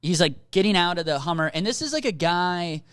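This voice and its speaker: A man's voice: high-pitched, a little fast, clear, resonant tone, no echo, clean studio sound. A young man from Minneapolis, co-hosting a comedy podcast, telling a long rambling story with swearing and acted-out dialogue. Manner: rambling, animated, swearing, acts out quoted people. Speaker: podcast co-host.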